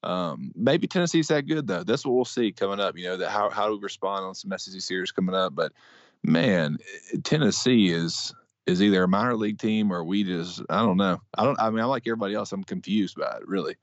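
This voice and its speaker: Deep-voiced man, rambling sports talk. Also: fast talker, dry recording. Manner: rambling, self-deprecating, frequent fillers. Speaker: podcast co-host. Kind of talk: casual sports chat. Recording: dry, dull lo-fi sound.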